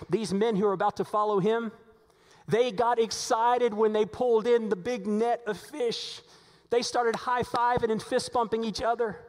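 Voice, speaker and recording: A man preaching a sermon as pastor, telling stories animatedly, his voice climbing when excited. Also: mid-range voice. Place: church sanctuary. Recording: long hall reverb.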